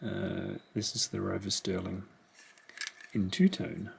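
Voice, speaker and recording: Middle-aged man, low gravelly voice, slow and musing, home unboxing with crinkling packaging behind. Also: little pitch movement. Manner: quiet, musing, talks half to himself. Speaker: collector unboxing a haul. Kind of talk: casual unboxing commentary. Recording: rustling packaging noise behind.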